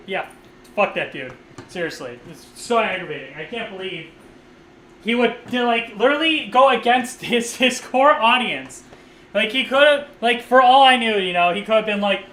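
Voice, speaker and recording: A man's voice: high-pitched, moderate pace, sharp tone, echoey room, slight background noise, low-quality recording. A man live streaming a game and chatting casually, rambling and swearing, laughing often, on a USB condenser microphone. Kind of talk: casual live stream chat while playing.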